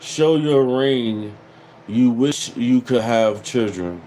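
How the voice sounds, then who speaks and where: A man's voice: medium pitch, slow, mellow, a little hiss or hum, low-quality recording. A man in his thirties hosting a casual livestream, reading viewer comments and mocking them with repeated catchphrases. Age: 30s. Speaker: livestream host.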